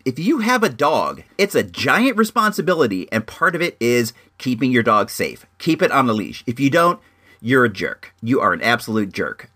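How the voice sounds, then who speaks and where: A young man ranting in a casual monologue, emphatic and swinging high when worked up. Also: a bit bright. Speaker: vlogger.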